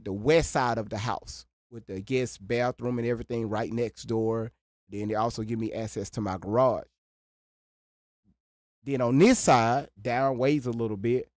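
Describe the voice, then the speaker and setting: Slow, profane livestream guy. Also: medium pitch, darkish tone, dry recording, studio quality. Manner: rambling, profane, breaks into laughter. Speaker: livestream host. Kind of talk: casual livestream rant.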